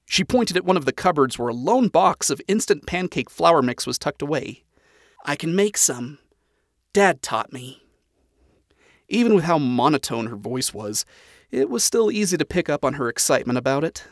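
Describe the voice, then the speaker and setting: A man reading a story aloud as narrator, in an even, dryly expressive manner. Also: fairly high pitch, brisk, no echo, studio quality.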